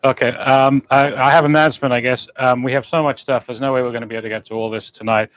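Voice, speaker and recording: A man's voice: medium pitch, flat delivery, fast talker. A man co-hosting a live stream, reading out donations in a plain, matter-of-fact way with some hesitation.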